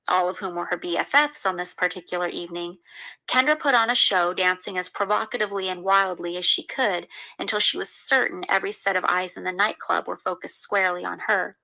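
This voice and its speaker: Woman reading her memoir out loud, bright voice w some vocal fry, kinda indignant. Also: mid-range voice, rough recording. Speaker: memoir reader. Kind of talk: first-person memoir reading.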